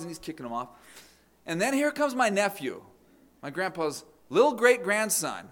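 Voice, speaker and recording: In a sermon full of family stories, a middle-aged pastor speaks a little high and very animated, at a moderate pace with a somewhat bright tone. He acts out quotes and repeats words whenever he starts a thought over.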